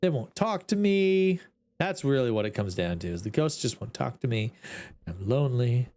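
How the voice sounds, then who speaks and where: A man's voice: medium pitch, animated, moderate pace, darkish tone. A man streaming a ghost-hunting game, talking to his chat in an exasperated, joking way. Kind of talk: casual gameplay commentary.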